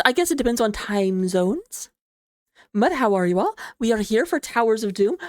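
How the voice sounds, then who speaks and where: A woman casting an esports match in a chatty, giggly, rambling way, lounging low in her chair. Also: a little mellow, no echo, studio quality. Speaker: esports caster. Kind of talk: casual esports commentary.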